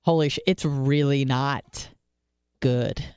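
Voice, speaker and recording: A woman's voice: very deep voice, steady tone, takes it slowly, a little mellow, clean tone, no room sound. A woman hosting a podcast, telling rambling, profane stories in casual chat. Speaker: podcast host.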